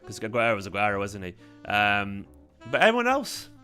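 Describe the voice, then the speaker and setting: A laid-back young man chats on a livestream, rambling along with plenty of fillers. His voice sounds tired, yet it keeps a bright, forward edge, and soft guitar music plays faintly behind him. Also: lowish voice, wildly swooping pitch, brisk. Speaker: fan channel host. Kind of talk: casual livestream chat.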